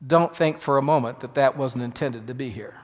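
A man, a pastor, preaching a sermon with emphatic swings between loud and hushed delivery. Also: medium pitch, a little fast. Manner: emphatic, dramatic shifts in loudness. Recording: long reverb of a large hall.

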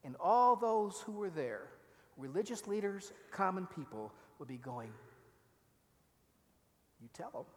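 A man with a fairly high voice delivers a sermon in what sounds like a church sanctuary. He acts out the quoted words with mounting force, then falls to a hush to drive a point home. Long reverb from the large room trails each phrase. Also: a little slow. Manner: animated, acts out quoted lines, drops to near-whisper for emphasis. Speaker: preacher.

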